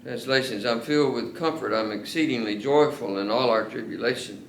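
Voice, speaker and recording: A man's voice: mid-range voice, a little hiss or hum. Earnest man preaching in an echoey church. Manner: earnest, drawn-out emphasis on key words. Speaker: pastor. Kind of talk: sermon. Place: church sanctuary.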